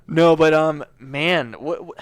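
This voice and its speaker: A man's voice: fairly high pitch, slow, clear, resonant tone, dry recording. Dry-voiced man hosting a casual podcast. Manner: loose and profane, with frequent fillers and restarts. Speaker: podcast co-host.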